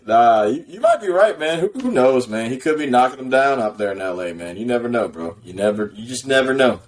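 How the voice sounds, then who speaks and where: Chill guy on a video call, mid pitch, blunt about it, says bro and man a lot. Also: lively intonation, a little fast. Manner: laid-back, blunt, slangy, lots of short agreements. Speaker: podcast co-host. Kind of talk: casual sports chat.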